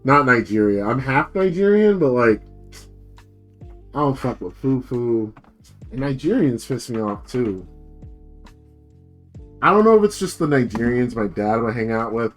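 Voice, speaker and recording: A man's voice: medium pitch, big pitch swings, unhurried, pauses often, faint music behind. A young American man streaming as a VTuber, rambling through a profane, casual rant full of filler words. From United States.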